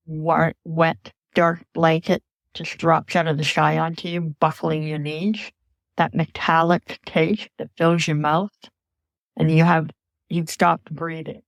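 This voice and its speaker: A woman earnestly recounting a frightening personal memory as a podcast guest, in a measured storytelling voice. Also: low voice, fairly even intonation, no echo.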